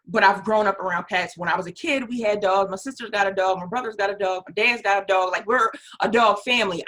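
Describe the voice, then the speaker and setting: A woman's voice: medium pitch, a bit bright. Chatty woman interview host. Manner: chatty, storytelling, laughs easily. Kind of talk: casual interview chat.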